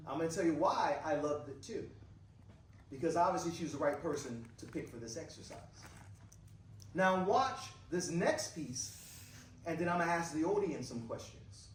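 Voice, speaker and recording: A man's voice: fairly high pitch, expressive, moderate pace, slight background noise. A man leading a live workshop exercise, coaching a partner and the audience with encouraging, repetitive phrases. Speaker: workshop facilitator. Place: large indoor workshop room. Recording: echoey room mic from far off.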